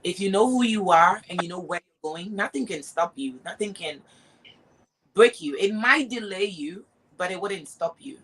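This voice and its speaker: A woman's voice: lowish voice, animated, normal speed, a bit bright, slight background noise, poor audio. A woman guest on a live talk show, a singer and dancer, speaking in an upbeat, motivational way. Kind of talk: live interview.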